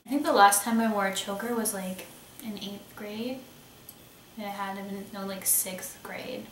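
A young woman talks slowly and chattily, clearly delighted with each piece she holds up. Her voice comes from a little way off the mic in an echoey room, with a faint hiss underneath. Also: mid-range voice, fairly bright tone. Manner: chatty, enthusiastic, thinking aloud while showing items. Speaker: beauty vlogger. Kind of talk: casual haul video. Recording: roomy echo, somewhat far from mic, faint hiss.

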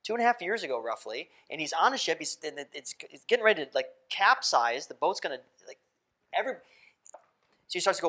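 A pastor preaching a sermon in a church, talking casually, asking the congregation questions and laughing often. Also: male voice, high voice, big pitch swings, a little fast, bright, forceful tone, husky. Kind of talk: interactive sermon. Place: church sanctuary.

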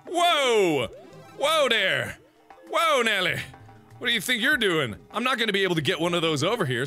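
A man commenting as he plays a game. He drawls slowly with a lively, bouncing pitch, then bursts into swearing and yelling. Faint music sits under his voice. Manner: excitable, swears, jokes and yells. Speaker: gaming video creator. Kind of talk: let's-play commentary.

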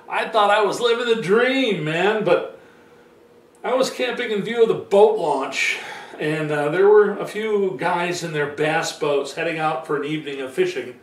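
Chatty man rambling in a roomy room. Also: on the high side. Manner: rambling, chatty, with many fillers. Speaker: vlogger telling his own story. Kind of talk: casual storytelling monologue. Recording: roomy sound from a distant mic.

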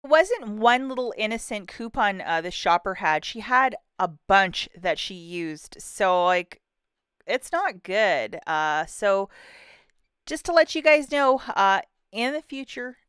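A woman's voice: mid-range voice, expressive, takes it slowly, fairly bright tone, smooth, dry recording, clean studio sound. A woman vlogger telling a casual storytime about couponing, chatty and full of fillers, acting out her own thoughts.

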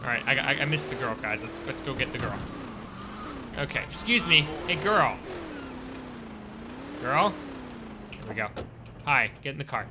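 A man giving casual live-stream commentary while playing a game, chatting with viewers and breaking into sudden excited outbursts. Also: mid-range voice, moderate pace, long pauses, noisy background. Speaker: gaming streamer.

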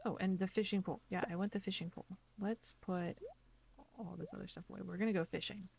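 A woman's voice: mid-range voice, steady tone, fast, creaky, darkish tone, slight background noise. A woman streamer chatting casually to herself as she plays a farming game, narrating each step. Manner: chatty, talks to herself while playing. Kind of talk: casual gameplay commentary. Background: game music.

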